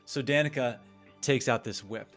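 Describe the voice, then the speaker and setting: A man narrating a tabletop game as game master, telling the scene slowly. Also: medium pitch, a bit bright, faint music behind. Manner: slow, storytelling narration.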